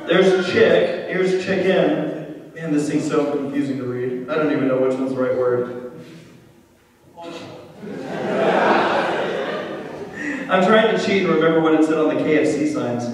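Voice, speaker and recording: A high-voiced American man, a guest on a convention panel, answers audience questions in a casual Q&A. He speaks slowly with long pauses, rambling, interrupting himself and joking with the crowd. The recording is distant and echoey in the convention hall, with crowd noise and audience reactions.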